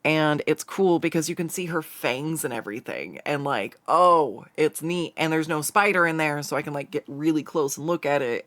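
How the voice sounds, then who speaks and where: Gravelly-edged voice, rambling casual chat, frequent giggles, dry room. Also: mid-range voice, no echo. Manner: rambling and giggly, many fillers and restarts. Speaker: streamer. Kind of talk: casual chat while drawing on stream.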